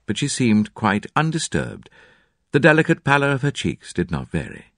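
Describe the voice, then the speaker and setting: A low-voiced man narrates a classic mystery with a highly animated, dramatic delivery. His pitch swings widely from line to line. The recording is dry and close. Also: normal speed, creaky, dry recording. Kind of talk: audiobook narration.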